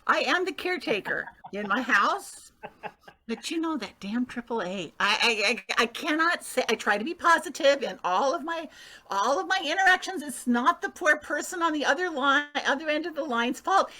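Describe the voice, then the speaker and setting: A woman playing a gushing, bright-voiced nurse. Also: high voice, animated, moderate pace. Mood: gushing chatty. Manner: gushing, rambling, repeats words. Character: chatty middle-aged woman nurse, gushing and fussy. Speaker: improv performer. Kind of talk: improvised comedy scene.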